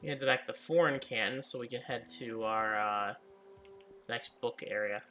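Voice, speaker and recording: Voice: medium pitch, moderate pace, background noise. A gamer giving casual, giggly gameplay commentary and reading in-game text aloud. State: hiccuping. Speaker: let's-play gamer.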